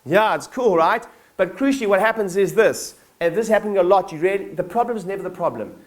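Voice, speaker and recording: A man giving a live keynote talk to his staff at a company conference, energetic and blunt, swearing casually and acting out little scenes. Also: sits high, quick pace. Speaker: business owner addressing his staff.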